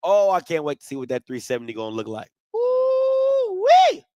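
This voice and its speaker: A man's voice: medium pitch, expressive, rapid-fire, darkish tone, clean tone, no room sound, muffled recording. A man hosting a casual sports talk show, trash-talking rival fans with lots of repetition and rhetorical questions. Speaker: podcast host.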